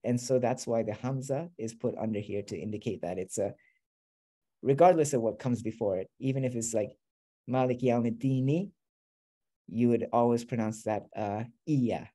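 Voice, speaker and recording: A man's voice: fairly low pitch, mellow. A man teaching a beginner class, explaining patiently step by step. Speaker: Arabic teacher.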